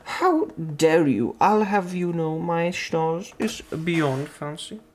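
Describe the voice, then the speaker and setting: A man doing a pompous fancy gentleman with a haughty, drawn-out posh voice that swoops high and low. He comes across as easily offended and full of himself. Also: sing-song.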